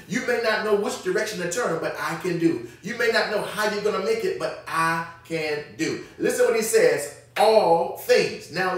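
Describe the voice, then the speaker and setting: A male pastor preaches an emphatic midweek Bible study, repeating key phrases and calling on his listeners to respond. His voice sits high, and it is picked up from some distance. The church room around him rings with heavy echo. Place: church sanctuary. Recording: echoey church hall, mic at a distance.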